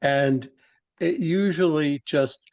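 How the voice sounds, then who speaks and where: A male podcast host with a fairly high voice, talking casually. He explains his points in quick, chatty bursts. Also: darkish tone.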